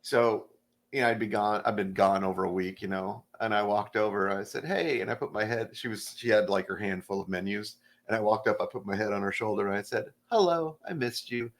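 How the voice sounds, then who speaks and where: Talking fast in a lowish voice, a middle-aged comedian swaps easygoing podcast stories, doing impressions of the people in them.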